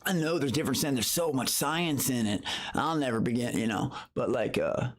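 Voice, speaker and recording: A man livestreaming and talking straight to his chat, swearing freely and rambling from one thought to the next. His voice sits at an average pitch for a man. When he greets viewers he jumps up into a much higher, excited tone. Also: moderate pace. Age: adult. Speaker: streamer.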